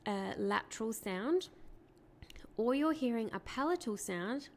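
Woman speech therapist with vocal fry. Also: on the high side, lively intonation, unhurried, slight background noise. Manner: clear, patient explaining with rhetorical questions. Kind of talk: educational talk to parents.

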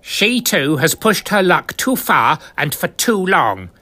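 A man's voice: on the high side, big pitch swings, takes it slowly, sharp tone, voice pushed up, heavily acted. A man voicing a menacing male secret agent in black, who speaks in a clipped, barking way.

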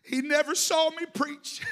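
A middle-aged man preaching a sermon, telling emotional stories that swing from hushed to shouting. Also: extremely high pitch. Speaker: pastor.

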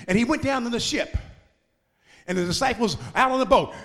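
A man, a pastor, preaching a sermon that swings from shouted, sung climaxes to quiet, conversational asides. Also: extremely high pitch, a little fast, pauses often, long reverb tail. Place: church sanctuary.

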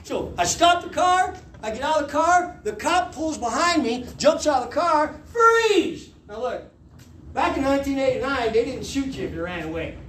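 A man in his fifties preaches by telling a lively story, breaking into laughter and shouting out quoted lines. His voice sits high for a man. The room is echoey, with a faint ambience underneath. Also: normal speed, slight background noise. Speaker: pastor. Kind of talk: sermon testimony.

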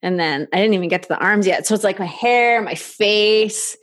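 A woman speaking as a podcast guest in an intimate conversation, slow and halting, soft, with many filler likes. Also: medium pitch, dry recording, clean studio sound.

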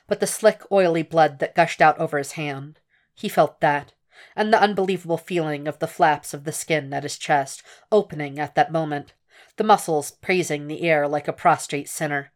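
A woman narrating a fan fiction audiobook in a steady, hushed, intense reading voice. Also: deep voice. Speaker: podfic reader.

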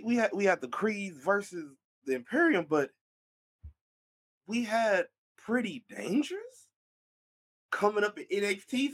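A young man hosting a casual wrestling recap, excitable and animated, often repeating his words. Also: fairly high pitch.

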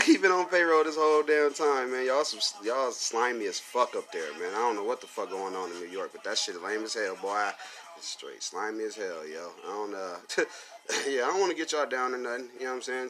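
Bright-voiced man ranting profanely. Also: medium pitch. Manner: profane, heated, filler-heavy with frequent laughs. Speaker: podcast host. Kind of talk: casual solo podcast rant.

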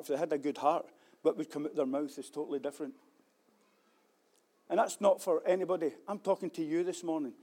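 A preacher with a notably high voice delivers a sermon. He swings between loud, fervent declarations and quieter, reflective passages, and he repeats his key phrases for emphasis. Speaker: pastor.

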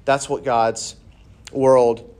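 A man in his thirties, a campus minister preaching a conversational sermon to students with animated storytelling and light humor. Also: medium pitch, very slow, clean tone.

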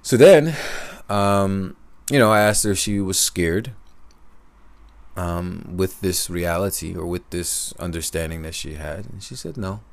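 A man sharing a personal story in a reflective, soft-spoken, unhurried way. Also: low-pitched, smooth. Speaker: podcaster.

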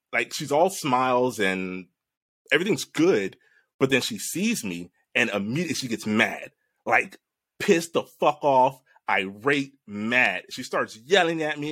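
A man in casual chat recounting a strange dream, animated and laughing, swearing freely. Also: mid-range voice, measured pace, dry recording, clean studio sound.

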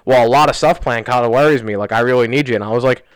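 A man's voice: mid-range voice, clean tone, dry recording. A young man co-hosting a podcast, rambling through a story in casual chat and leaning on "like" as he retells it. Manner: rambling, fast, lots of "like", animated retelling. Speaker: podcast co-host. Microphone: studio podcast mic.

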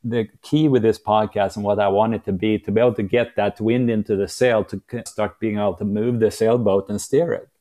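A man's voice: lowish voice, steady tone, fairly quick, hardly any pauses, mellow. A man hosting a podcast interview, speaking in an earnest, encouraging way. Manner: earnest, encouraging, uses metaphors. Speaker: podcast host. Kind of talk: interview conversation.

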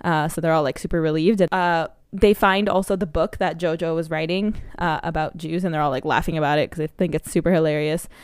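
Woman podcast co-host, casual rambling recap, smooth resonant tone, dry close sound. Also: deep voice, steady tone, fast talker, hardly any pauses, no echo. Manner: rambling plot recap with many fillers. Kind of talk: casual movie review chat.

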